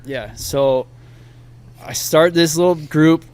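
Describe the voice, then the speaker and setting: A man's voice: a little high, takes it slowly, a little mellow, smooth. A man in his thirties on a podcast, telling a story casually and acting out the people he quotes. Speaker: podcast guest.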